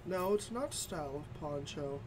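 A man's voice: a little high, expressive, a little slow, noisy background. A man casually commenting as he plays a video game, chatty and thinking aloud. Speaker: gaming YouTuber. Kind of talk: let's play commentary. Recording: voice over game music.

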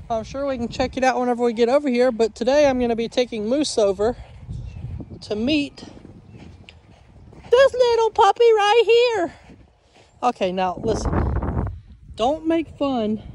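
A man's voice: very high voice, darkish tone, slight background noise. A man filming at his homestead, talking to his dogs in a playful, coaxing baby-talk voice. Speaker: homestead vlogger. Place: outdoors at a homestead dog pen.

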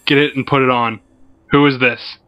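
A man's voice: mid-range voice, fairly even intonation, moderate pace, bright, forceful tone, clear, resonant tone. Chatty joking man, dull lo-fi sound. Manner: joking, chatty, laughs often. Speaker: co-host of a gaming show. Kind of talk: casual let's play chat. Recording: dull lo-fi audio with game music.

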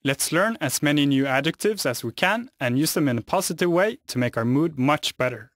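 A man's voice: fairly high pitch, expressive, a little fast, hardly any pauses, no room sound, clean studio sound. A man with a Norwegian accent teaching a scripted language lesson, saying each phrase carefully and then translating it. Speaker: language teacher, voices Jan.

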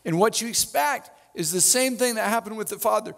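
Gravelly high-voiced preaching man. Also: fairly quick, in a large hall. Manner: animated storytelling with wry asides. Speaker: pastor. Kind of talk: sermon.

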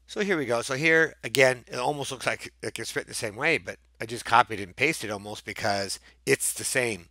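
Brief: male math teacher, patient step-by-step talk, mid pitch. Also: pushed and bright, dry recording. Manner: patient, thinking aloud step by step. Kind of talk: screen-recorded math lesson.

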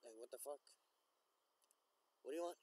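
A young man rambling to camera outdoors, swearing constantly, repeating himself and getting easily excited. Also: medium pitch, normal speed, slight background noise. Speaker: vlogger. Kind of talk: rambling casual monologue to camera.

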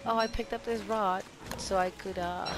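A woman's voice: mid-range voice, fairly even intonation, normal speed, over music. A woman hosting a solo let's play, chatting to the game's characters and gasping and laughing when things go wrong. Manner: chatty, talks to game characters, gasps and laughs at mishaps. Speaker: gameplay channel host. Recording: clear game noise underneath. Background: game ambience and sound effects.

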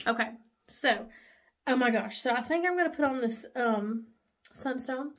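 A young-sounding woman talks through her makeup in a high, bright voice. She gushes and chatters excitedly in a casual, chatty way. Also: measured pace, pauses often. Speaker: makeup vlogger. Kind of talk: casual get-ready-with-me chat.

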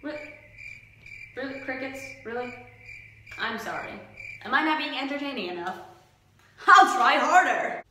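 A woman's voice: high-pitched, animated, normal speed, long pauses, background noise. A young woman vlogging in casual chat to the camera, joking about herself and laughing often. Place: empty glass-doored breezeway indoors. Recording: very echoey bare room.

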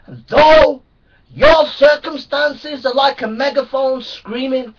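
A man preaching a sermon with impassioned repetition, swinging between loud declarations and hushed passages. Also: very high-pitched, slow. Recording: muffled, distant lo-fi recording.

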